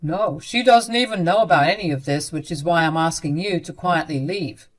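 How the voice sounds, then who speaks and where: A woman voicing a dismissive young man who speaks in a flat, curt, matter-of-fact way. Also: lowish voice, normal speed, pitched below the performer's own voice, natural voice. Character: cold adult son, a young man, dismissive.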